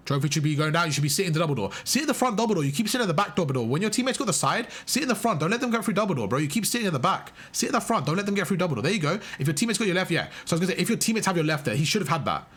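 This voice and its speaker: Fast, husky-voiced male game coach. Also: high-pitched, sing-song, fairly bright tone. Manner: emphatic, praising, repeats instructions. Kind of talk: live gameplay coaching commentary.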